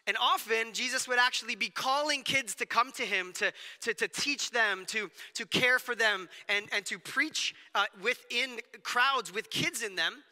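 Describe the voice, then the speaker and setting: A man delivering a sermon as pastor, in a conversational, animated way with quick asides. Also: very high-pitched, in a large hall. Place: church sanctuary.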